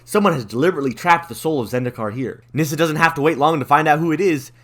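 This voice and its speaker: A man's voice: on the high side, quick pace. A man and channel host retelling a fantasy card-game story in a casual, jokey manner, full of slang. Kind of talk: casual comedic story recap.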